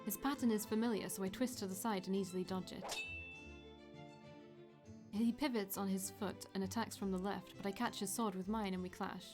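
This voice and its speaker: A woman streamer reading a visual novel aloud in steady first-person narration, with brief off-script asides. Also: mid-range voice, moderate pace, over music. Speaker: let's play streamer.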